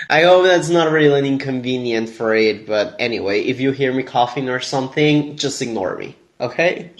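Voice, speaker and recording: A man with a hoarse voice from being sick, co-hosting a podcast in chatty casual talk with fillers. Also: mid-range voice, expressive, moderate pace. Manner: chatty, loose, with fillers like "you know". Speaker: podcast co-host. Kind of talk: casual couple chat.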